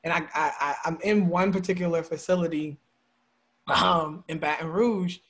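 A man's voice: fairly high pitch, fairly even intonation, normal speed, a bit bright. A man from Baltimore telling a story in a casual conversation and acting out the people he quotes. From Baltimore, USA. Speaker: guest, community organizer.

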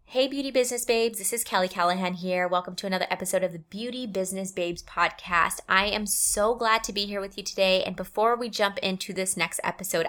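An upbeat woman in her thirties hosts her own podcast, chatting freely and stopping to correct herself mid-sentence. Her pitch sits in an ordinary middle range for a woman. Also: a bit bright. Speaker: podcast host. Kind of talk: casual solo podcast talk.

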